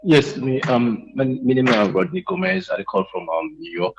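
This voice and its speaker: A man with a Sierra Leonean accent calling into a radio show, talking in an agitated, emotional way with many halting restarts. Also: mid-range voice, very animated, muffled recording, noisy background. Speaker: radio call-in caller. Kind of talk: impassioned call-in rant.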